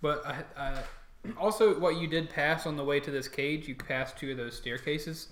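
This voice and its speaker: A man running a tabletop game who narrates in a slightly high voice and keeps pausing on fillers. The room around him is echoey. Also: fairly bright tone. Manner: hesitant, lots of fillers. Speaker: game master.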